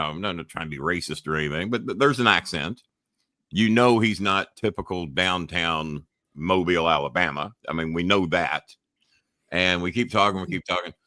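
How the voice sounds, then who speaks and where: A man's voice: low voice, bright, forceful tone, no echo, studio quality. A man hosting a talk show, chatting casually as a rambling, joking storyteller.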